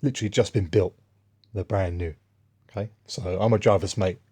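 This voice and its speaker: Un hombre con acento inglés que cuenta historias en un vlog, de forma dispersa y con tono de agravio. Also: male voice, low-pitched, steady tone, brisk, dark tone, slightly rough. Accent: English. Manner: rambling, aggrieved, restarts often. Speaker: vlogger. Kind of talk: casual spoken monologue, storytelling.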